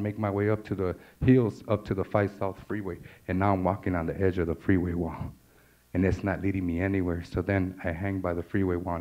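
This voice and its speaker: Brief: low, gritty LA storyteller, slangy and profane, muffled lo-fi audio. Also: male voice, a little mellow. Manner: raw, vivid storytelling with street slang and profanity. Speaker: speaker sharing his testimony. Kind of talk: personal story told to an audience. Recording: dull lo-fi recording.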